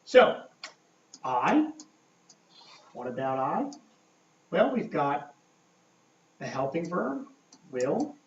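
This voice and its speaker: A man teaching a grammar lesson at a board, talking slowly and checking in often with "okay?". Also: a little high, big pitch swings, slight background noise. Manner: slow, checking in with frequent "okay?". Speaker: English teacher. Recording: echoey room, mic far off, dull lo-fi sound.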